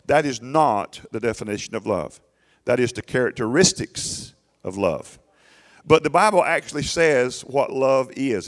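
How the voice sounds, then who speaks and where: A man preaching a sermon in church, emphatic and conversational, breaking off to talk straight to the congregation. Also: mid-range voice. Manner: emphatic, conversational preaching with repeated phrases and audience asides. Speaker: pastor. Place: church sanctuary. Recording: long hall reverb.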